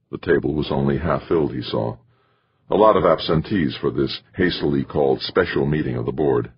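A man narrating an audiobook in a measured, steady storytelling manner. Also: extremely low pitch, slightly rough. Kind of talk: scripted narration. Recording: dull lo-fi recording.

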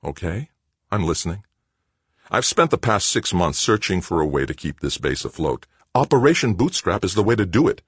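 A man reading an audiobook and voicing an earnest young man who urges his point calmly but insistently. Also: sits low, moderate pace, breathy edge, no room sound, voice pushed up, exaggerated voice. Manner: earnest, urging, calm. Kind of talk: audiobook character voice.

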